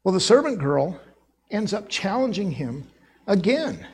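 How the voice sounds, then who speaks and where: A man with a Midwest accent preaching a sermon in a church, telling the story with lively acted-out voices and accents. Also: sits high, measured pace, slightly rough. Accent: American Midwest. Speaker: pastor. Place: church sanctuary.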